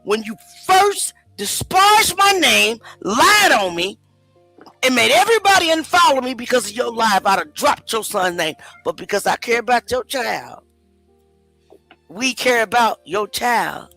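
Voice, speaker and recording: A woman's voice: on the high side, very animated, unhurried, gravelly, bright, forceful tone, dry recording, soft background music. A woman hosting a livestream commentary, ranting emotionally and confronting someone. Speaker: host.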